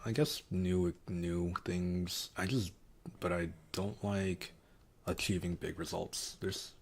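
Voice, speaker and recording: A man's voice: low voice, steady tone, takes it slowly, slightly rough. A man streaming casually, reading quiz options aloud and muttering wry, sarcastic asides.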